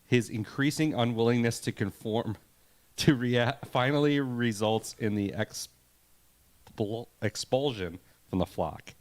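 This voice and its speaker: A man's voice: mid-range voice, unhurried. A man co-hosting a casual podcast, rambling and reading facts aloud with laughs. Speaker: podcast co-host. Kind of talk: casual chat.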